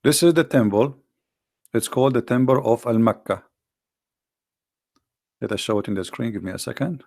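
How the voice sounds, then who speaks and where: A man speaks in slightly broken, pushing a combative religious argument. His delivery is mocking and full of rhetorical questions. His mid-pitched voice has a rough, gravelly edge. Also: expressive, normal speed, a little mellow. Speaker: Christian apologetics presenter.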